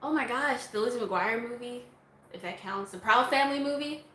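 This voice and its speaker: A talkative woman answers viewer questions in a loose, casual vlog, laughing easily as she goes. Her voice sits a little high and carries a noticeable echo from the room, with a faint hum of ambience behind it. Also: moderate pace, pushed and bright. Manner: chatty, laughs often, breaks into song snippets. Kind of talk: casual Q&A chat.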